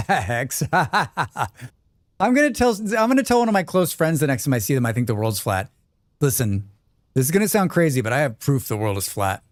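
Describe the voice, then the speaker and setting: Man, stream host, chatty and joking, reads chat out loud, dry close mic. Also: medium pitch, no room sound. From Canada. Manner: joking, reads chat aloud, rambling asides. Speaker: livestream host. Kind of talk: casual livestream chat while gaming.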